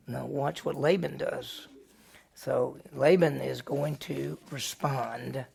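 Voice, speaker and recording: A man's voice: medium pitch, steady tone, slow, creaky, a little mellow, breathy edge. A male pastor teaching a Bible lesson, retelling the story with energy and firing off rhetorical questions.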